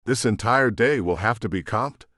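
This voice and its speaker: A man's voice: medium pitch, normal speed, a bit bright, no room sound, studio quality, lightly acted. A man voicing an entitled woman who shrieks and berates a worker in an audiobook. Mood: indignant. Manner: shrieking, haughty. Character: shrill entitled woman throwing a tantrum. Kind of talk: audiobook narration.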